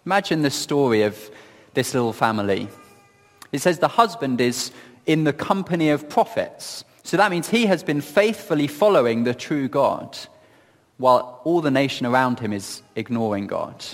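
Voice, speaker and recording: A man giving reflective Bible teaching in a gentle, earnest storytelling manner, often asking questions of his listeners. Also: mid-range voice, expressive, moderate pace, long reverb tail. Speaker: preacher.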